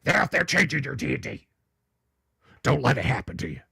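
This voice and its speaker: A man voicing a loud, paranoid middle-aged male conspiracy radio ranter who makes urgent warnings. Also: mid-range voice, very animated, brisk, gravelly, breathy edge, no echo, studio quality, full character voice. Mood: ranting.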